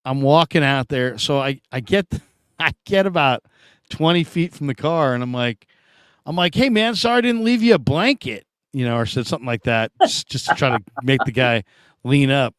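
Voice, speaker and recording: A man's voice: medium pitch, moderate pace, smooth, no room sound, studio quality. A middle-aged man hosting a casual sports talk show, telling stories and acting out quoted voices with lots of energy. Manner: animated storyteller, acts out quoted voices.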